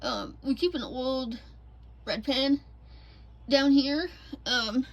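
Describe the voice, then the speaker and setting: A woman's voice: high-pitched, slow, pauses often, a little hiss or hum, poor audio. A woman vlogging in casual chat inside an RV, rambling with lots of ums as she moves around. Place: indoors in an RV.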